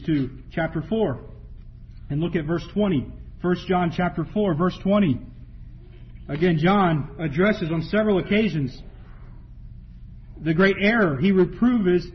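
A man's voice: sits high, unhurried, a little hiss or hum. A man preaching a sermon, reading Bible verses aloud and repeating key phrases for emphasis. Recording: dull lo-fi sound.

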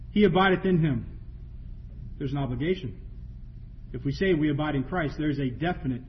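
Man, preacher, sermon, raspy breathy voice, emphatic repetition. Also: fairly high pitch. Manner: emphatic, repeats key phrases, reads scripture aloud. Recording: dull lo-fi sound.

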